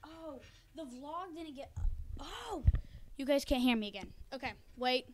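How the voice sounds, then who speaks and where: A woman with a high voice chats excitedly to her viewers as she plays a game. She talks casually from a room at home, recorded on a cheap desk microphone. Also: measured pace, a little hiss or hum. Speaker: gaming video creator. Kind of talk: casual Let's Play commentary.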